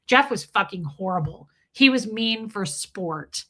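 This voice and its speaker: Candid woman streamer with a bright, forceful voice, chatting bluntly to viewers. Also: mid-range voice, a little slow, few pauses. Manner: candid and blunt, swears freely, animated. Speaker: livestream host. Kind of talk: casual livestream chat answering viewers.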